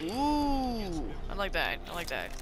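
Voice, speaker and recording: A young man giving casual, excitable commentary on his gameplay, chatty and quick to shriek and laugh. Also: high voice. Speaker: gamer. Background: game music.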